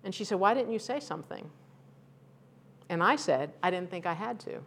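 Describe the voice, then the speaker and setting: A woman's voice: lowish voice, a little hiss or hum. A middle-aged woman pastor preaching a conversational, candid sermon that rises to fervent emphasis.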